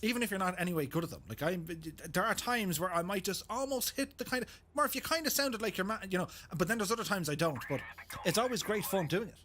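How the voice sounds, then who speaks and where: A man's voice: sits high, animated, fast, bright, forceful tone, a little hiss or hum. An Irish man streaming a game, chatting casually and joking about impressions, laughing often. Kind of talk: casual live-stream chat.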